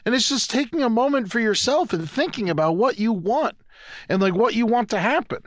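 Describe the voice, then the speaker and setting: A man's voice: very high voice, expressive, brisk, no echo. A young man co-hosting a podcast in casual chat, rambling and swearing freely. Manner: rambling, profane, laughs at own jokes. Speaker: podcast co-host.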